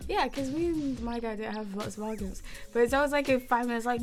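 A woman's voice: on the high side, fast, soft background music. A woman, giving her opinions in a wry, casual podcast chat. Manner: opinionated, wry, drops quiet for asides.

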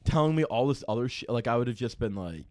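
A man's voice: medium pitch, expressive, fast talker, darkish tone, no echo, clean studio sound. A young man casually telling a rambling, profanity-laden story as a podcast co-host, with many restarts. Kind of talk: casual chat.

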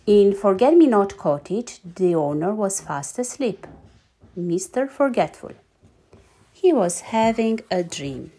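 A woman reading a children's story aloud, lively and animated, giggling now and then. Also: medium pitch.

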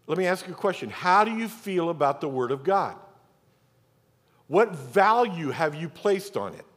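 Lively-voiced pastor preaching in a reverberant church. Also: male voice, on the high side, moderate pace. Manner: emphatic, talks directly to the congregation. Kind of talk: sermon. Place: church sanctuary. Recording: long church hall reverb.

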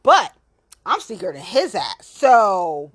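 A woman's voice: mid-range voice, very animated, slow pace. A woman talking in a casual monologue, blunt and heavily profane, rambling from one complaint to the next. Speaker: local political activist.

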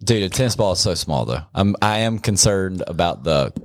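Lively low-voiced young man, dry sound. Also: dry recording. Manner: rambling, halting, restarts sentences. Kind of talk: casual banter among friends.

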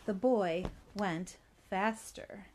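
A woman telling a children's story, expressive and adding spoken sound effects. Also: mid-range voice, very slow, a little hiss or hum.

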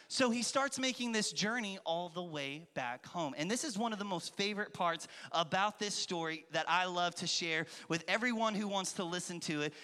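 A man in his thirties, a children's pastor, gives a lively, playful sermon to a crowd of kids, acting out voices. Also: sits high. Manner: animated, playful, acts out voices and calls to the crowd. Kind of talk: lively kids' church sermon with storytelling. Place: large church hall with an audience. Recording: long hall reverb.

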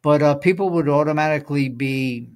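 Speaking briskly in a darkish voice on the high side, another male co-host of the Bible study podcast reads scripture aloud and works through ideas thoughtfully, using lots of fillers in the relaxed conversation.

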